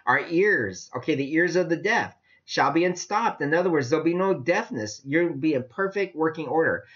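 A man preaching a casual sermon, animated and chatty, often laughing as he talks. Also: fairly high pitch, moderate pace. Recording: dull lo-fi sound.

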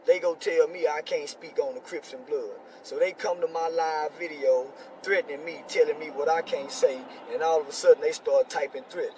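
A man speaking as a community activist rants with heated indignation, hammering the same points again and again. He sits fairly high in pitch and a bit far from the mic, with faint traffic noise outdoors behind him. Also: fairly quick, few pauses, a little mellow. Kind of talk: angry live-video rant.

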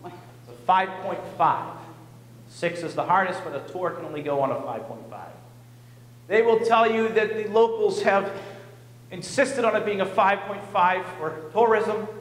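A male pastor telling a personal story in an animated, self-mocking way during a sermon in a church. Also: on the high side. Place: church sanctuary. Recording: echoey church hall.

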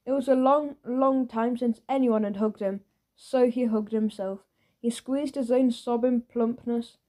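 Mellow woman reading a children's book. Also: fairly high pitch, unhurried. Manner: lively, playful storytelling. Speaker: audiobook narrator. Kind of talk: children's audiobook narration.

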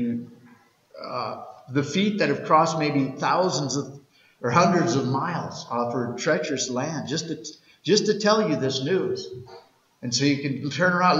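A middle-aged man preaching a sermon as pastor, telling stories in a conversational way and often restarting his words. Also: mid-range voice. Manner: conversational storytelling, repeats words when restarting. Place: church sanctuary. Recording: roomy church hall, dull lo-fi sound.

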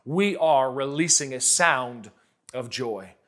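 A man in his thirties preaching a sermon to viewers at home, urging them to repeat after him, with loud bursts of emphasis between calmer stretches. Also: medium pitch, slow pace. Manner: exhorting, urges listeners to repeat and shout along. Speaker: pastor.

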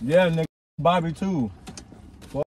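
A man's voice: a little high, measured pace, a little mellow, slight background noise. A young man teasing his friends in casual, profane banter at a fair. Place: outdoors at a fair. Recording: music playing behind. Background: music.

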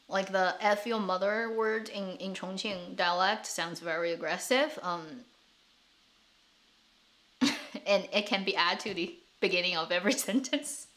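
A woman's voice: medium pitch, a little slow, long pauses, a bit bright. A woman, chatting casually on her live stream, laughing often and repeating words as she thinks. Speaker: streamer and show host.

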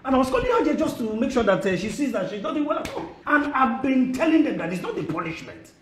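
A man's voice: very high voice, very animated, quick pace, a bit bright, slight background noise, full character voice. An actor playing an abusive male tutor who talks in a coaxing, threatening way in a skit. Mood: ingratiating. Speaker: private tutor. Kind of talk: skit acting. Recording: music bed under voice.

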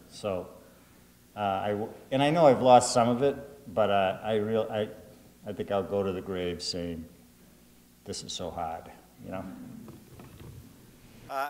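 An author from Greater Boston, with the accent to match, speaks earnestly to students while reflecting on his life, often restarting his sentences. His voice sits on the low side with a darkish tone and a long reverb tail.

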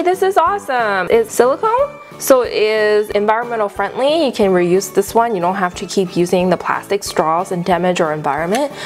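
A woman hosting an unboxing video, gushing excitedly with frequent gasps and exclamations. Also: medium pitch. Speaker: unboxing channel host. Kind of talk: casual unboxing review.

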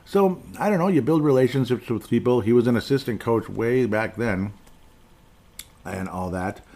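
A man's voice: mid-range voice, moderate pace, a little mellow. Rambling middle-aged male podcast host. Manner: rambling and digressive, chuckling asides. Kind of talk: casual solo podcast monologue.

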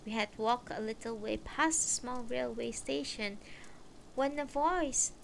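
A woman reading a novel aloud on a livestream, in calm, measured first-person narration. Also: on the high side, vocal fry, slight background noise, low-quality recording. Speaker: audiobook reader on a livestream.

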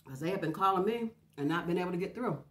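A woman's voice: lowish voice, animated, quick pace. A middle-aged woman, chatting casually while eating and humming between bites, a little stuffed up from a runny nose. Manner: chatty, confiding, talks between bites with hums. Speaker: mukbang host. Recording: roomy echo.

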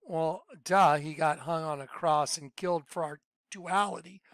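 A man giving an informal Bible teaching, emphatic, quizzing the listener with yes-or-no questions and swinging between loud outbursts and muttered asides. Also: a little high, unhurried, no room sound. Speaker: self-styled Bible teacher.

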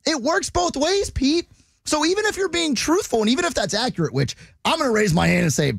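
A man's voice: very high-pitched, very animated, fairly quick, gravelly, a bit bright, no echo, clean studio sound. A male sports radio co-host giving blunt, exasperated and sarcastic commentary. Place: radio studio.

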